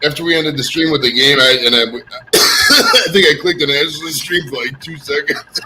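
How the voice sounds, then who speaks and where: A man's voice: a little high, normal speed, very noisy. A man hosting a livestream in casual chat, joking and swearing, laughing often. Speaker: stream host.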